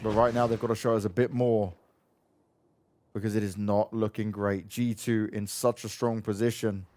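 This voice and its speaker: A man's voice: lowish voice, flat delivery, moderate pace, darkish tone, dry recording. A man calling esports play-by-play with energy, narrating each fight as it happens. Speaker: esports caster.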